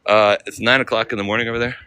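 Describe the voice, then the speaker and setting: A man's voice: lowish voice, fairly even intonation, rapid-fire, sharp tone, clean tone, dry recording. An American man live-streaming as he walks city streets, chatting casually with viewers in slang. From United States. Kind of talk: walking live-stream vlog.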